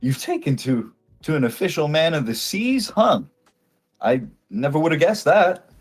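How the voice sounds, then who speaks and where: A man voicing a drunk, excited tavern friend who gushes at newcomers. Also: a little high, moderate pace, breathy edge, soft background music, pitched above the performer's own voice, exaggerated voice. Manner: slurring, enthusiastic.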